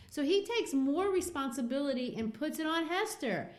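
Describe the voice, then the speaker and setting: Her voice sits high and is very animated, moving at a moderate pace with few pauses. She's a podcast host and literature teacher, enthusiastically retelling a classic novel scene by scene, quotes included.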